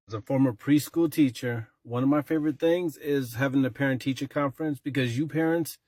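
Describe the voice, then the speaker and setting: A man's voice: medium pitch, a little fast, hardly any pauses, a little mellow, dry recording, clean studio sound. A young man telling comedic stories about being a preschool teacher, switching between narration and acted voices. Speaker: comedy sketch creator playing a teacher. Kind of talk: comedic sketch storytelling.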